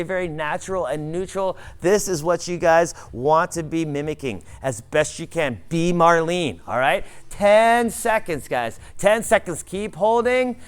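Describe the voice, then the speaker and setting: A man's voice: fairly high pitch, clean tone. A young man coaching a workout class, cueing form and counting down holds in an upbeat, motivational way. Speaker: fitness instructor.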